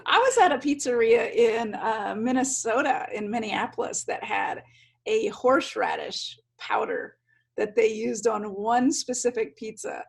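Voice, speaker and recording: A woman's voice: on the high side, a little slow, vocal fry, breathy edge. A woman hosting a podcast, chatting casually with upbeat, short reactions. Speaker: podcast host. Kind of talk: casual interview chat.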